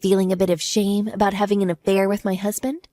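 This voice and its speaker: A woman voicing a wronged wife in an audio drama, smug and sarcastic as she calmly mocks. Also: mid-range voice, quick pace, no room sound, natural voice. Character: cool, mocking wronged wife, adult woman.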